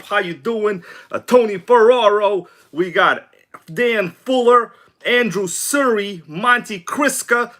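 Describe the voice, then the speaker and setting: A hyped man hosting a casual livestream, cracking jokes and calling out viewer names. His voice is bright and forceful and sits a touch high for a man. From from abroad. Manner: energetic, hyped, joking shout-outs to chat. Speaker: RC livestream host. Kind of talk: excited casual livestream chat.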